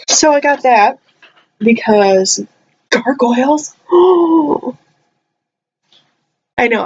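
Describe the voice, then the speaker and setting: A young woman vlogger rambling casually, her voice jumping high when excited, her throat a little dry. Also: slight background noise. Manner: chatty, rambling, animated with sudden high jumps. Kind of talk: casual chat. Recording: slightly dull lo-fi audio.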